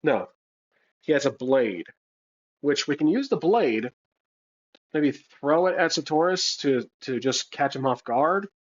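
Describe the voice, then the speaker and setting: Casual solo role-play narrator, a man thinking out loud, dull lo-fi recording. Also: on the high side, expressive, a little slow, pauses often. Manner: thinking aloud, hesitant, many restarts. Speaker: solo tabletop game player and narrator. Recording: slightly dull lo-fi sound.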